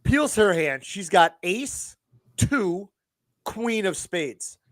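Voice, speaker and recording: A man co-hosting a podcast, loud and brash, swearing and laughing through crude casual banter. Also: high voice, expressive, very slow, dry recording. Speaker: podcast co-host.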